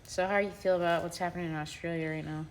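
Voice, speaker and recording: Teasing wife off to the side, lower-pitched woman asking playful questions. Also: steady tone, rapid-fire. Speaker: wife and co-host. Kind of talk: casual teasing chat. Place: home garage.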